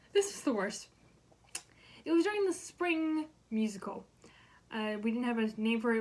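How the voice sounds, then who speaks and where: Teen girl vlogger, high-pitched, retells stories animatedly and dramatically. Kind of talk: casual storytelling vlog.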